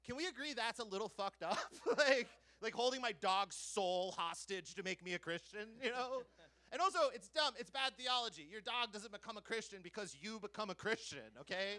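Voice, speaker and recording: A male comedian performing a stand-up bit on a live theater stage. His voice sits high and bright, and he slips laughing asides into a dry storytelling delivery. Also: expressive, a little fast, no echo. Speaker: comedian contestant. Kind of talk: stand-up set.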